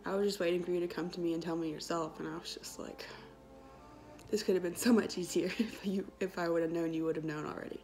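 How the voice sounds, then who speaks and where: A woman's voice: lowish voice, steady tone, fast talker, darkish tone, soft background music. A woman, telling a personal story in a casual, chatty vlog with lots of quoted dialogue. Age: 20s. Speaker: vlogger.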